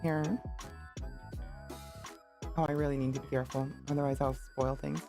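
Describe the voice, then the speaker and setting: A woman's voice: low-pitched, fairly even intonation, moderate pace, gravelly, over music. A woman streamer chatting casually and playfully, often laughing at herself. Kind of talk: casual livestream chat.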